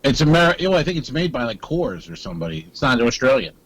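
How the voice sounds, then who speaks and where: A man co-hosting a comedy podcast in casual chat, with wry, deadpan teasing. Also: mid-range voice, quick pace, husky, rough recording.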